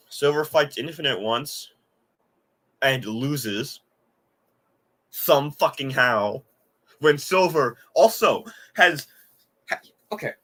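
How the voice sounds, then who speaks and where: A man's voice: mid-range voice, a bit bright. A man hosting a live game reaction, ranting with exasperation, swearing often and laughing at what he watches.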